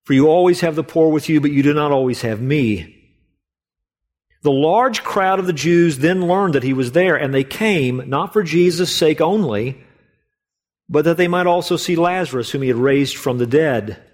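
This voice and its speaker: A man's voice: on the high side, moderate pace. A male pastor preaching an expository sermon, reading scripture aloud and stressing points by repeating them. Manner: steady teaching tone, reads scripture aloud.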